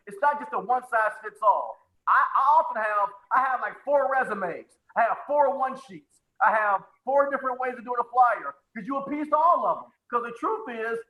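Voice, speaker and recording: A man's voice: extremely high pitch, bright, forceful tone, rough recording. A man coaching a live webinar on sales presentations, who talks with energy, repeats his phrases and calls on attendees by name.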